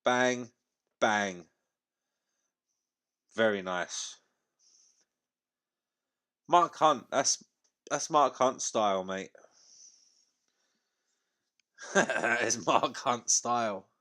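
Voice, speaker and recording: A man's voice: mid-range voice, extremely slow, pauses often, a bit bright. A man hosting a live fight watchalong, chatting casually, swearing freely and using lots of slang. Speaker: livestream watchalong host.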